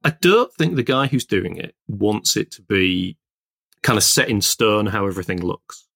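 Male podcast co-host, gravelly low voice, rambling anecdotal delivery, dry recording. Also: very animated, moderate pace, fairly bright tone, no echo. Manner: rambling, self-interrupting storyteller. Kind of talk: casual chat.

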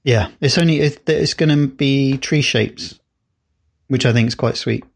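A gravelly, medium-pitched male voice at a measured pace belongs to a podcast co-host in casual conversation. He rambles and hesitates, with many fillers and restarts.

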